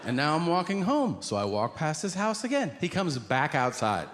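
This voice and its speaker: A male stand-up comedian telling a story on stage, conversational and rambling, with deadpan asides. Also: on the high side, moderate pace. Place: on stage at a live venue. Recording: reverberant venue with noisy ambience.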